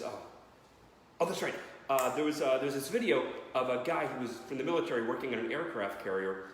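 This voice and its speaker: A man doing stand-up comedy in a family living room, telling rambling stories that turn loud and profane. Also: mid-range voice. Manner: rambling storytelling, loud and profane when acting out bits. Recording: echoey room, faint background noise.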